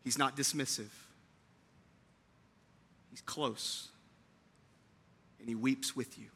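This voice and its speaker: A man preaching an Easter sermon to his church, moving between hushed, tender lines and loud, fervent build-ups, repeating phrases for emphasis. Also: mid-range voice, fairly even intonation, takes it slowly, husky. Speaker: pastor. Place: church sanctuary.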